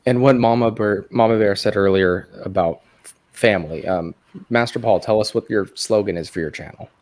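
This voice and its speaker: A man hosts a live panel of online creators, keeping things friendly and affirming. He leans on hesitant ums and uhs as he steers the talk. His voice sits somewhat low for a man. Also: a little fast, a little mellow. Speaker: live show host. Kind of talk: hosting a live panel chat.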